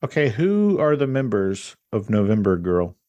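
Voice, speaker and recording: A woman hosting a podcast, asking questions in a lively, curious way and laughing easily. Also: a bass voice, moderate pace, dry recording, muffled recording. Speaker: podcast host. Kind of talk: casual interview chat.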